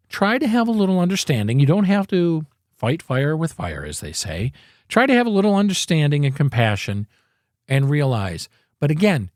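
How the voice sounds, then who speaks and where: A man's voice: on the high side, no echo, clean studio sound. A man hosting a casual solo podcast, speaking emphatically and in a preachy way into a podcast microphone. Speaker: podcast host.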